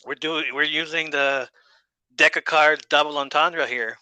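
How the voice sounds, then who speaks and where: Bright-voiced man recapping casually. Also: on the high side, fairly even intonation, measured pace, smooth, no room sound, poor audio. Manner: laid-back, swears casually, laughs often. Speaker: podcast host.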